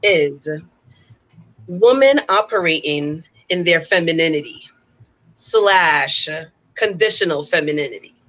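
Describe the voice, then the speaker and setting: A woman hosting a talk show, speaking in a measured, deliberate way with occasional fillers. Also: lowish voice, lively intonation, a bit bright. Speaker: podcast host. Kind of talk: casual talk show discussion. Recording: dull, lo-fi sound.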